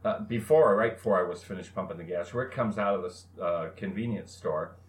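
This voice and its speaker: A man in his forties co-hosts a casual chat show. His voice sits low, and his story wanders along with plenty of "uh" fillers. The room around him is echoey. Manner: rambling anecdote with many "uh" pauses. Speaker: co-host.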